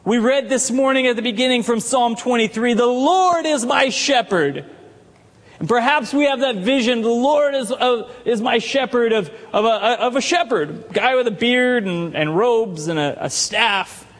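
A man's voice: extremely high pitch, normal speed, fairly bright tone, big-room sound. A man preaching a sermon as pastor, talking conversationally and putting questions to the congregation.

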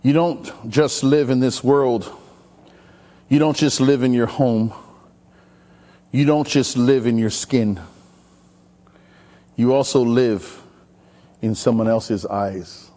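A male pastor from Maui preaching an animated sermon, telling stories and calling out to the congregation. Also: mid-range voice, slow pace, long pauses. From Maui, Hawaii. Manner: energetic, chatty, storytelling with call-and-response.

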